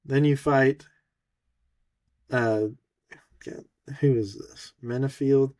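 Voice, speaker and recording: A man's voice: mid-range voice, fairly even intonation, takes it slowly, darkish tone. A man co-hosting a fight podcast, launching into a sarcastic, cutting rant. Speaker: podcast co-host. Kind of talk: mocking rant.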